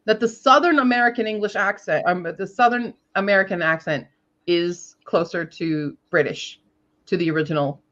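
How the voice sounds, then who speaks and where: A woman's voice: mid-range voice, moderate pace, a bit bright. Brief: chatty Minnesotan woman co-host, rambling casual talk, muffled lo-fi mic. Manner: chatty, rambling, slips into playful accents. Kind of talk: casual chat on a writing stream.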